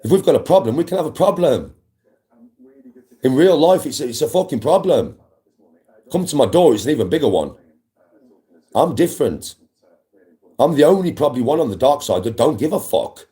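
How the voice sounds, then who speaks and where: A man's voice: mid-range voice, very animated, normal speed, pauses often, warm tone. A man, a livestream host, ranting at live viewers in an aggressive, defiant, swearing way.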